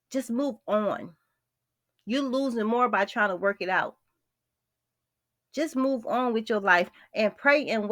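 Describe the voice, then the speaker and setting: A woman's voice: on the high side, fairly bright tone, no echo. Blunt, exasperated woman vlogger, close dry mic. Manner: blunt, exasperated, talks straight to the viewer. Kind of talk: celebrity gossip commentary.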